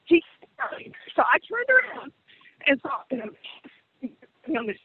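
A woman in her forties telling stories with animated, colloquial energy, laughing often, on a call. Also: high-pitched, takes it slowly. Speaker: co-host. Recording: muffled phone line.

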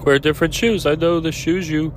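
A man's voice: fairly high pitch, fairly even intonation, a little fast, background noise. A young man vlogging from his car, close to tears, rambling and criticizing himself. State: on the verge of tears. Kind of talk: confessional selfie vlog.

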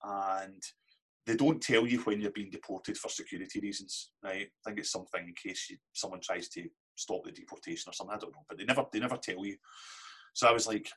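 A man's voice: lowish voice, steady tone, fast, a bit bright, slightly rough. A Scottish man telling candid stories as a podcast guest, swearing casually. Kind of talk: casual storytelling interview.

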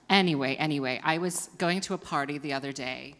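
A woman's voice: low voice, moderate pace, a bit bright, in a large hall, a little hiss or hum. Self-mocking woman doing stand-up. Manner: rambling, self-mocking, laughs at own jokes. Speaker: comedy show host. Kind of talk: stand-up comedy. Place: performance venue with live audience.

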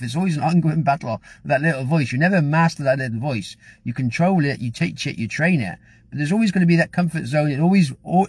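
A middle-aged man delivers an earnest motivational talk at a quick clip, circling back to the same phrases. His voice sits a touch high for a man and carries a husky edge. The sound is dry and close, with no room around it. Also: darkish tone, no room sound. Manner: rambling, earnest, repeats phrases. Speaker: motivational vlogger. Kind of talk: casual motivational talk to camera.

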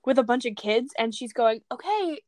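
A young woman retelling a movie in a casual chat, excitable and rambling, laughing often. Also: a little high, brisk, no room sound.

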